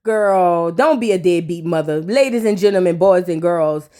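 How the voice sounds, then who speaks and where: A woman's voice: lowish voice, normal speed, warm tone. A woman hosting a casual reality TV recap, sassy and scolding as she talks straight to the people on screen. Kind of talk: casual reaction commentary.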